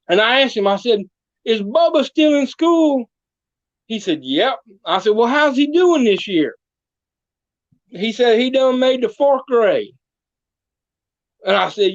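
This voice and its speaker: High-voiced man spinning yarns. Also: highs cut off. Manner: drawling hillbilly yarn-spinner, full of country sayings. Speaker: guest storyteller. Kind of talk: comedic folksy storytelling.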